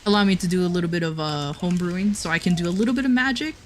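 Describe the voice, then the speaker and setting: A woman's voice: lowish voice, rapid-fire, faint music behind. A woman livestreamer chatting casually with her chat, giggling often and restarting her sentences.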